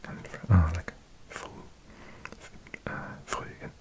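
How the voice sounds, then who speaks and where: A man's voice: low-pitched, steady tone, normal speed. A man hosting his channel in a whispered ASMR style, musing to himself and repeating practice words aloud. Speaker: channel host.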